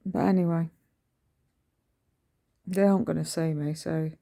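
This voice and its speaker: A middle-aged woman talks into her phone at home in a slow, unhurried ramble. Her voice is dark and mellow with a gravelly edge. She meanders through her thoughts with plenty of ums and restarts. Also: low-pitched, fairly even intonation. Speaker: vlogger. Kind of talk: casual early-morning vlog chat. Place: at home indoors.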